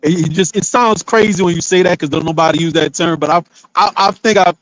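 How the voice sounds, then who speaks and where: A guest on a casual livestream panel, a man. He stammers through restarts and argues his own side, his voice sitting a bit high for a man. The recording is dry. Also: fast talker, fairly bright tone, no echo, poor audio. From New York. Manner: stammering, defensive.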